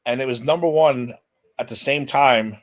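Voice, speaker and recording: A man co-hosting a music podcast in casual chat, with an ordinary mid-range voice. He shares trivia readily and is quick to laugh. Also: medium pitch. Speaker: podcast co-host.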